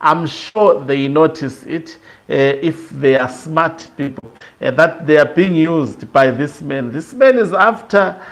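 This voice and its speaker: A man talks through political commentary in a loose, conversational way. His voice sits a little high for a man. He stops and restarts often and fills the gaps with "uh". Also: takes it slowly. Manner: loose and conversational, many fillers and restarts, laughs in between.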